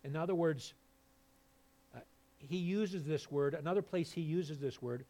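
A male pastor preaching a sermon, swinging between low, quiet passages and loud, fervent peaks. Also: unhurried.

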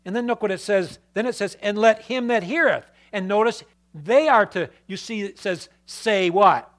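A man preaching a sermon who reads scripture aloud and asks the congregation questions, with swings between emphatic and quiet delivery. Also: high voice, normal speed. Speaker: pastor.

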